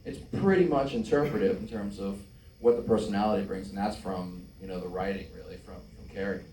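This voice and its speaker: A man's voice: on the low side, fairly quick, warm tone, slight background noise. A man, an actor on a panel, talking casually with many fillers and a self-deprecating tone. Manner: rambling, self-deprecating, frequent "like". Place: event stage before an audience. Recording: roomy live room, distant mic.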